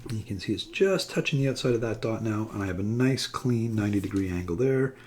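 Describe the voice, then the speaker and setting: A man's voice: lowish voice, fast talker, a little hiss or hum. A man teaching a math lesson, explaining a method step by step while he draws. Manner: relaxed, talks step by step while drawing. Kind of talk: classroom demonstration lesson.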